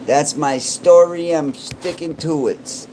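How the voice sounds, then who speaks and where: A man's voice: on the high side, slow pace, noisy background. A man who is a paranormal YouTuber, joking and rambling in casual vlog chat.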